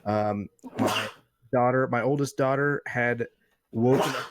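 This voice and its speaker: A man's voice: mid-range voice, fairly even intonation, measured pace, dry recording, studio quality. A man in his thirties, a podcast co-host telling a rambling, profane story in casual chat.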